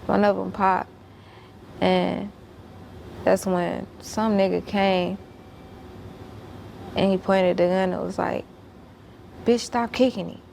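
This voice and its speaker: A woman's voice: medium pitch, completely flat delivery, slow, creaky, pauses often, a little mellow, slight background noise. A woman telling a story as a guest. She speaks bluntly and emphatically, swears a lot, and repeats herself when worked up.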